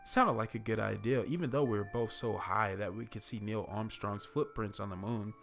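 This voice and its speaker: A man casually reading a first-person horror story, relaxed and profane in a conversational way. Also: lowish voice, moderate pace, vocal fry, faint music behind.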